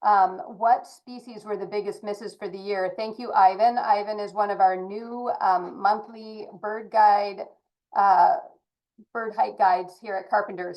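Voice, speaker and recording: Woman moderator, muffled online audio. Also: medium pitch. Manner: friendly, reading questions aloud. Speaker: host and moderator.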